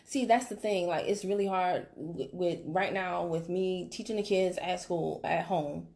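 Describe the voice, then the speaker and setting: A woman's voice: on the low side, a little slow, vocal fry, a little mellow. A woman playing a busy working mom customer who hesitates and rambles through a sales call role-play. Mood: distracted.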